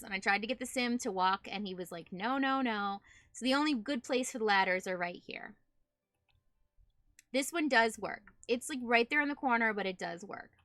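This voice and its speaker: Woman streamer chatting to her viewers, kinda high bright voice, dry close mic. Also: no echo. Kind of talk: casual live-stream chat.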